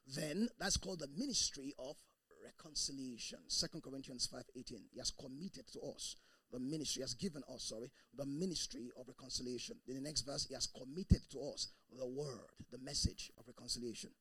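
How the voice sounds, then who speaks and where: A man preaching a sermon as pastor, animated, breaking into laughter and shouted bursts. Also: medium pitch, fairly quick, breathy edge, dry recording.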